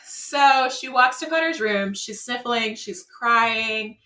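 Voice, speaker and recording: This co-host's voice is a little high and slow, recorded far off in an echoey room. She chats casually through a reality show recap, animatedly acting out the quotes.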